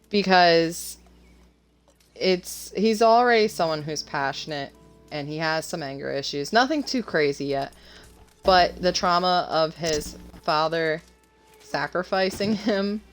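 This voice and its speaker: A woman author chatting casually about her story while gaming, nervous and rambling with lots of fillers and restarts. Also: sits low. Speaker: author and co-host.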